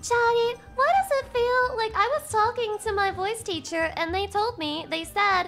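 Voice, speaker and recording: Excitable high bright-voiced woman streamer. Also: normal speed, soft background music. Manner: loud, swearing, excitable, breaks into shrieks. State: voice strained, cracking. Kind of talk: casual chat with a live audience.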